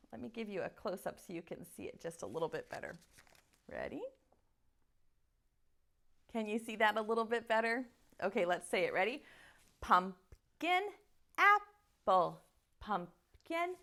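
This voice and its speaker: A woman teaching online preschool circle time, chanting patterns in a slow sing-song teacher voice. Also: mid-range voice, expressive, creaky.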